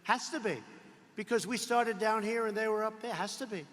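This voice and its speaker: At a rally in a large arena, a man with a high, fairly bright voice delivers a political speech at a moderate pace. He is emphatic and repetitive, dropping in sarcastic asides, and the arena gives the recording a long reverb.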